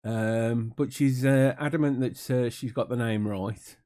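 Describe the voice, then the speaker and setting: British man, mellow tone, wry reaction-video host. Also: mid-range voice, fairly even intonation, measured pace. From United Kingdom. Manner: dry, mocking, many fillers. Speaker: commentator reacting to an interview. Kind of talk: casual sarcastic commentary.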